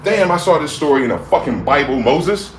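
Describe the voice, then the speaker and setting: A man in his forties hosting a livestream, ranting with heated outbursts that drop to low mutters. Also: animated, brisk. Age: 40s. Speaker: livestream host. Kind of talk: profane rant. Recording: echoey room with faint background noise.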